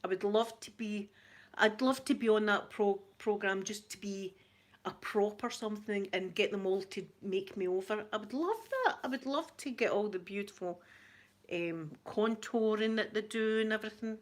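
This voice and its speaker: Speaking at normal speed in a mid-range voice, a woman with a Glaswegian Scottish accent hosts an ASMR channel and chats casually with her live-stream viewers. She laughs often and repeats herself as she answers them.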